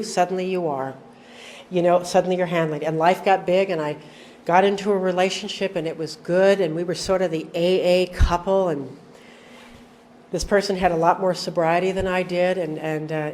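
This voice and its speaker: This is a middle-aged woman telling her own story at a recovery meeting. Her voice sits slightly low, and a faint hum runs behind her. She tells it frankly, with wry jokes at her own expense. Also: a little mellow. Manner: storytelling with acted-out dialogue and wry self-deprecating humor. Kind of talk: personal testimony to an audience.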